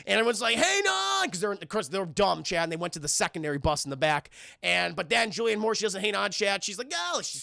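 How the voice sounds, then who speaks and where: Profane, gravelly young man recapping films. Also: high voice, sharp tone, dry recording, clean studio sound. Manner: rambling, profane, acts out characters' lines in quick bursts. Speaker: film reviewer streaming to chat. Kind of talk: animated spoiler recap to a live chat.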